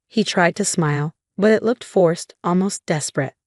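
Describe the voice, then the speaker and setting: A young adult woman narrating a dramatic first-person story in a steady, scripted way. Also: on the low side, normal speed, no echo, studio quality.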